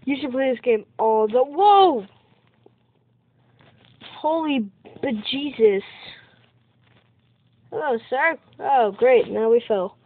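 A woman narrates her gameplay in a casual let's-play, excitable and prone to exclaiming and yelping at surprises. She speaks slowly in a high-sitting voice with long pauses, captured in a dry, tinny, phone-like recording.

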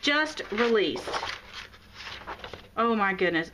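A woman's voice: mid-range voice, expressive, takes it slowly, long pauses. A woman vlogging an unboxing of craft supplies, gushing and exclaiming with delight, gasping and laughing. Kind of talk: excited unboxing chat. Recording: noisy home recording.

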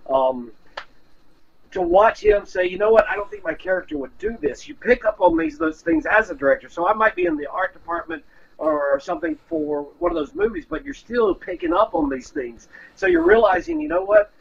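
Male film director guest, heavy vocal fry, animated delivery, anecdotal, muffled remote line. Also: extremely high pitch, normal speed. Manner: anecdotal, relaxed, quotes others. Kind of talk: casual interview storytelling.

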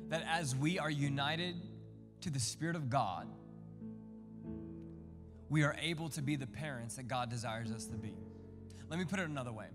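Male pastor, bright, forceful tone, long hall reverb, sermon. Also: high-pitched. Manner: animated, humorous storytelling with prayer. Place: church sanctuary. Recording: music and a long hall echo.

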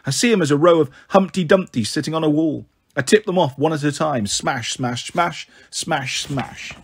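A man's voice: on the high side, fast, a little hiss or hum. A man reading a first-person novel aloud in a wry, sulky narrating manner. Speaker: audiobook reader.

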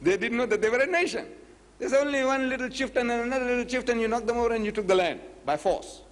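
A man's voice: very high-pitched, quick pace. A man giving a public lecture, retelling a debate and acting out both sides of the conversation. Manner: animated storyteller, acts out both sides of the dialogue. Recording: echoey lecture hall recording.

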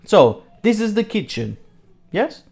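A teacher leads a vocabulary lesson for young children, taking a house tour one item at a time. The delivery is unhurried and deliberate, with each word said over and over. The pitch moves a lot, and the teacher checks understanding and praises answers often. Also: sing-song, gravelly, a little mellow, soft background music. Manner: repeats each word slowly, asks checking questions. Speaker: English teacher for young pupils.

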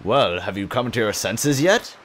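A man's voice: lowish voice, expressive, moderate pace, lightly acted. A man voicing a solemn, wise talking boat, reading the game text in a formal, stately way.

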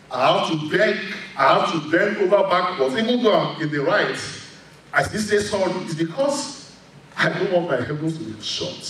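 Lively, echoey preaching man. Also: on the high side, slight background noise. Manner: emphatic preaching, candid and confessional. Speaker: pastor. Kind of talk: sermon. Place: church sanctuary. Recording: very echoey hall, voice from far off.

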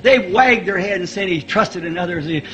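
A man preaching a fervent sermon, chuckling often and rising to shouts at high points. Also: normal speed.

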